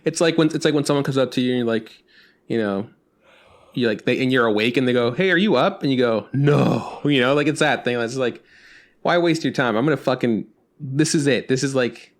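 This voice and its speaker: A man co-hosting a podcast speaks fairly quickly at a medium pitch. His casual chat rambles, with many restarts.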